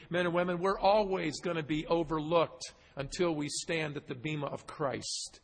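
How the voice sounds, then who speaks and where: A man preaching a verse-by-verse sermon, stressing points through repetition. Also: on the high side. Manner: expository preaching, emphatic repetition. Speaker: pastor. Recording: long hall reverb.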